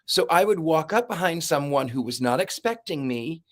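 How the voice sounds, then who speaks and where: Man, slightly high voice, paranormal investigator, animated casual storytelling. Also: moderate pace. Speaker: paranormal investigator and medium, podcast guest. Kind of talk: casual podcast chat, storytelling.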